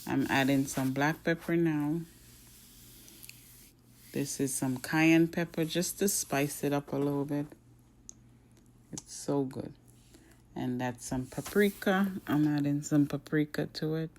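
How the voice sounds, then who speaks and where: A woman's voice: low voice, unhurried, long pauses, a little mellow. A woman hosting her own cooking channel, talking through each step in a chatty voice-over. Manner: chatty, step-by-step, starts lines with "so now". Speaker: home cook and channel host. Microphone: voice-over recorded apart from the video.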